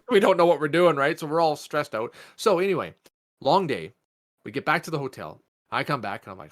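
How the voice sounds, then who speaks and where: Dude on a podcast, swears constantly, tells stories all animated, middle voice. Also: male voice, mid-range voice, a little fast. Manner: swears a lot, animated storyteller, acts out quotes. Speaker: podcast co-host. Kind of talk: casual storytelling chat.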